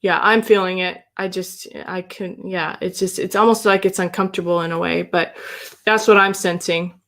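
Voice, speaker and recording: A woman's voice: lowish voice, fairly even intonation, moderate pace. Woman, spiritual reader on a livestream; affirming, meandering delivery. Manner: warm, affirming, meandering with restarts. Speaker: human design reader. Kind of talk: livestream reading, casual chat.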